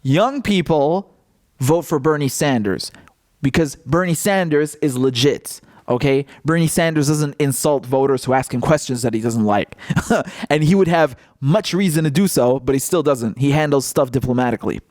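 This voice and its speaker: A male political commentator in a casual vlog, talking in a mocking, animated way and laughing often. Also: mid-range voice, normal speed, no room sound, clean studio sound.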